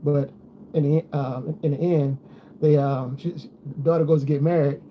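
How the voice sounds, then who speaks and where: A man's voice: fairly high pitch, fairly even intonation, moderate pace. A man chatting casually to his viewers, rambling and repeating himself as he goes. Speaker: vlogger. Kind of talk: casual chat. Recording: dull lo-fi sound with faint noise.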